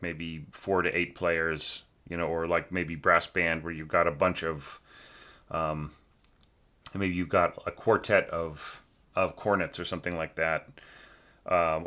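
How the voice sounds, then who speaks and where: Low-voiced man critiquing a score. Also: pushed and bright. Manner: conversational, many restarts, sings phrases aloud. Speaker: orchestration teacher reviewing a student score.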